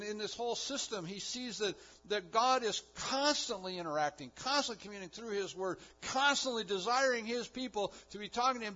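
A man's voice: high voice, bright, forceful tone. A man preaching a sermon, building emphasis with repeated phrases. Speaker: pastor. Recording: dull lo-fi recording.

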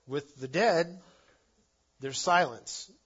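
A man preaching a sermon, earnest, rising to loud emphasis and dropping to soft endings. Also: a little high, slow, breathy edge, lo-fi sound. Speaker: pastor.

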